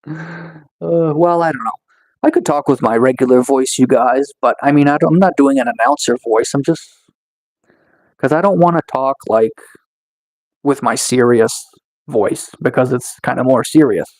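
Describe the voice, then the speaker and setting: A man's voice: mid-range voice, a little mellow, rough recording. Laid-back man livestreaming. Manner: slow, laid-back, chill delivery with many fillers. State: recovering from a cold. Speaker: livestreamer reading chat. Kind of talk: casual livestream chat.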